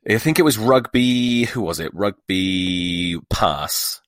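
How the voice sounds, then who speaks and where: Man, podcast host, low voice, dry close sound, sweary, sarcastic rant. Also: slow pace, no room sound. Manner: profane, sarcastic, exasperated.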